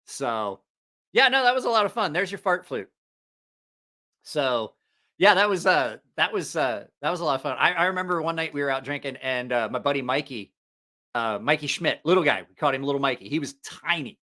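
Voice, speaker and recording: A man's voice: on the high side, expressive, fairly quick, bright, forceful tone. A man hosting a casual livestream, telling profane, rambling anecdotes with frequent laughter. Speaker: livestream host.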